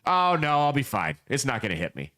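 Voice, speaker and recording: A man voicing a complacent guy who scoffs at every warning, in a lowered, grumbling tone. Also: sing-song, brisk, pushed and bright. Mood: dismissive. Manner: scoffing, brushing off.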